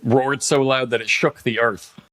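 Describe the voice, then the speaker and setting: A man co-hosting a comedy podcast with a bright, sharp-edged voice. He fires off quick jokes and asides. His pitch sits in the middle range. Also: fairly even intonation. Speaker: podcast co-host. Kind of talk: casual comedic chat.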